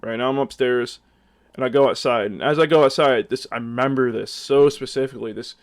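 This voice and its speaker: Brisk and mid-range, this young vlogger's voice carries a rambling, casual storytime. Fillers pile up as he animatedly performs his own lines.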